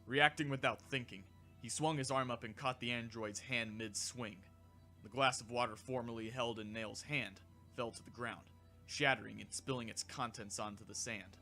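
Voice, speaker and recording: A man narrating a fan audiobook in a steady, even storytelling manner. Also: medium pitch, moderate pace, faint music behind.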